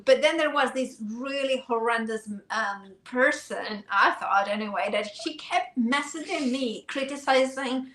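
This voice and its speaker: A woman with a Spanish accent chats casually and tells stories with animated energy, laughing often. Her voice sits a little high, and the echo of the room carries clearly around her. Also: unhurried, few pauses. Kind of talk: casual chat. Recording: roomy echo.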